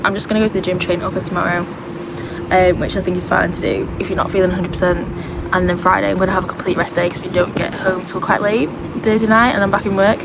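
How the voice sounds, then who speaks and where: A woman's voice: lowish voice, vocal fry, very noisy. A woman with a stuffy, congested voice from a cold, chatting casually at home in a rambling vlog. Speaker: triathlete vlogger. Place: at home indoors. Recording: roomy echo.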